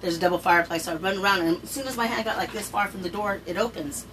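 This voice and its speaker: A middle-aged woman rattles through a personal story at a quick clip, animated and profane. She sounds a little distant from the mic, with faint room noise behind her. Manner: animated, jumps high in pitch when quoting people, swears freely. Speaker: storyteller recounting a personal experience. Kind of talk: casual storytelling.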